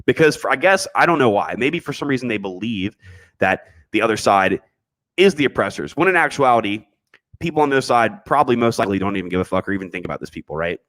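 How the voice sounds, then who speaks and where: A man's voice: fairly low pitch, animated, fast, a bit bright. A man hosting a casual livestream podcast, reading chat messages and answering them bluntly, with frequent restarts and slang.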